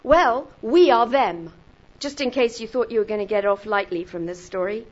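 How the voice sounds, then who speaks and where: A woman's voice: mid-range voice, moderate pace, highs cut off. A woman giving an emphatic lecture on a written text, building intensity as she works through lists of words.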